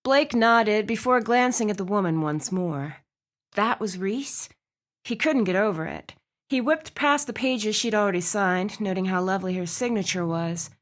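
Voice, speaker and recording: Female audiobook narrator, expressive, mid-pitched, steady storytelling. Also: moderate pace. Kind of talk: scripted narration.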